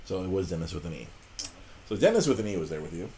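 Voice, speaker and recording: A middle-aged man hosting a podcast, telling a story in a casual, animated, self-mocking way with plenty of swearing. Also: deep voice, quick pace, a little hiss or hum. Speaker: podcast host.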